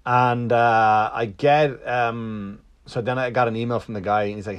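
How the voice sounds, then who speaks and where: Speaking at a moderate pace with a medium pitch, a man rambles through a lengthy story in a relaxed monologue. His telling is profane and full of restarts, and he performs the other party's lines himself.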